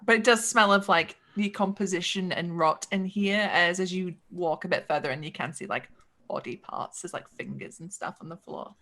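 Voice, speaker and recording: A woman's voice: lowish voice, moderate pace, a bit bright. A woman casually narrating as game master of a tabletop game. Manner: descriptive, casual, amused.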